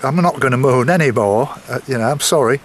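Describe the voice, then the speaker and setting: A man's voice: mid-range voice, a little fast, slight background noise. A man chatting casually to his viewers while out on a coastal walk, rambling a little and apologising now and then. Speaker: walking vlogger. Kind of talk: casual walking vlog to camera.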